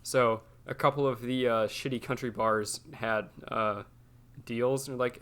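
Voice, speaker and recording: A man chats on a podcast with a bright, forward voice. He tells his story loosely, rambling and swearing as he goes, with a relaxed co-host feel. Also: medium pitch, unhurried. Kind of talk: casual podcast chat.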